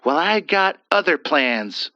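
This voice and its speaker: A man's voice: on the high side, sing-song, takes it slowly, pushed and bright, no echo, pitched above the performer's own voice, heavily acted. A man voicing a sly, pushy young male punk who talks in a slick, taunting way. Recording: dull dry lo-fi voice.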